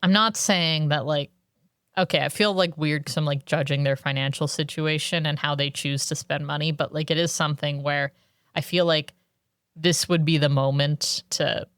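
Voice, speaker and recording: A woman with a deep, fairly evenly inflected voice co-hosts a podcast, discussing a book casually at a normal pace. She is chatty and reflective, leaning heavily on "like" and adding thoughtful asides. The studio-quality sound is clean, with no echo.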